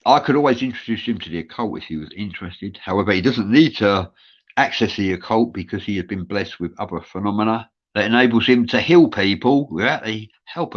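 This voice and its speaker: Low-voiced London man, dull audio. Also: fairly bright tone. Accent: London English. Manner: rambling, many filler uhs, earnest. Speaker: show host. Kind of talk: live show chat reading viewer comments.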